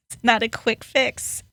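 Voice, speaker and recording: A woman's voice: fairly bright tone, dry recording. A woman guest on a podcast, a life coach speaking in an earnest, motivational way with emphatic bursts. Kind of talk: podcast interview.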